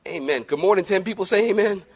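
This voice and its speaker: Animated high-voiced male preacher. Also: fast talker, breathy edge. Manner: animated preaching, swings between loud and soft, jokes with the congregation. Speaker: pastor. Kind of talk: sermon.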